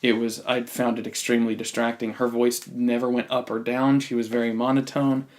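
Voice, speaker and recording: A man's voice: medium pitch, flat delivery, brisk, darkish tone. A man with a mid-range voice chats casually about a film on a podcast. He is blunt and opinionated, often stumbling and restarting his phrases. He keeps an everyday conversational tone. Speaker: podcast host. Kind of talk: casual movie review chat.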